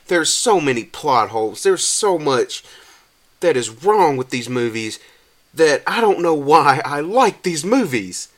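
A man, hosting a podcast and ranting casually about a movie he just saw, rambling and restarting often and climbing higher when exasperated. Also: fairly bright tone. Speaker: podcast host reviewing a movie. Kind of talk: casual rant.

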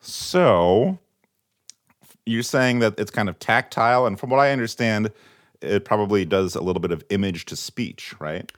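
A man's voice: fairly low pitch, moderate pace. Playful man hosting a comedy podcast. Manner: playful, teasing, laughing. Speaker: podcast host. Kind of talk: casual comedic chat.

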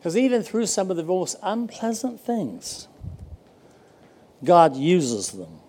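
Older male pastor, folksy and mellow. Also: high-pitched, huge pitch swings, breathy edge. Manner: folksy storytelling with dramatic pauses. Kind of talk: sermon.

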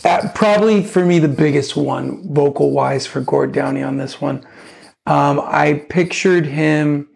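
Male co-host, heavy vocal fry, slightly high, halting and profane. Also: a little mellow. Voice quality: gravelly. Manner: halting, repeats words, swears casually. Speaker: podcast co-host. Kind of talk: casual chat about an album.

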